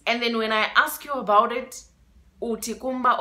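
In a slightly high, steady voice that comes across bright and forceful, a young woman with a South African accent recounts a story-time vlog at moderate speed. Emotion and drama run through it, with words repeated for emphasis and a blend of English and isiXhosa.

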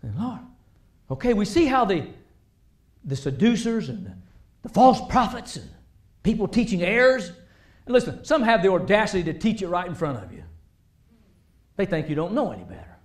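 A male preacher delivering a sermon in a high-pitched voice. He talks in an animated way, pressing points hard and then dropping to quiet asides. The sound rings around an echoey church sanctuary. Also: normal speed, long pauses. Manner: animated, rising and dropping between loud emphasis and quiet asides.

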